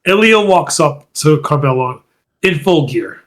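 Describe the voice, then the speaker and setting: A man's voice: on the high side, expressive, measured pace. A man co-hosting a podcast in casual chat, animatedly retelling events and acting out quotes in a raised voice. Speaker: podcast co-host.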